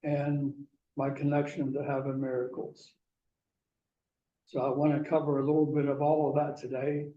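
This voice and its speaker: Guy from pennsylvania telling his story slow, flat mellow voice, echoey room far from the mic. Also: medium pitch, dull audio. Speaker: guest speaker. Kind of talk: personal storytelling talk.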